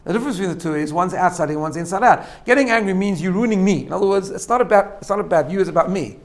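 A man's voice: high voice, animated, fast, few pauses. A man giving a spoken lesson, explaining step by step with frequent "right?" checks and repeated phrases. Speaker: teacher. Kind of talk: spoken lesson on self-growth.

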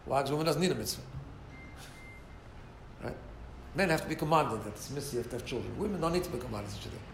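A man teaching an informal Torah class, animated and asking listeners rhetorical questions. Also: mid-range voice, quick pace, a little hiss or hum. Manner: animated, mixes Hebrew and Yiddish terms, asks listeners rhetorical questions. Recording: roomy echo, faint ambience.

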